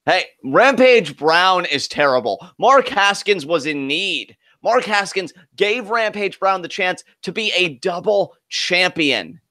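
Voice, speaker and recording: Male co-host, slightly high bright voice, heated profane ranting about a match. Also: animated, takes it slowly, hardly any pauses, no room sound, studio quality. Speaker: co-host of wrestling reaction show. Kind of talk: live wrestling reaction chat.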